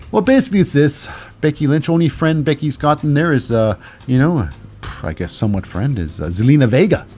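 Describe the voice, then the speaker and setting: A man's voice: on the high side, lively intonation, brisk, warm tone, soft background music. A man hosting a podcast and recapping wrestling in a casual, rambling way, with many fillers and restarts. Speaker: podcast host.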